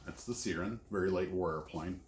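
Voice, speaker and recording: A man's voice: low voice, fairly quick. A man unboxing scale model kits in casual commentary, rambling and self-deprecating. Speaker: scale model kit reviewer. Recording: echoey room, faint noise.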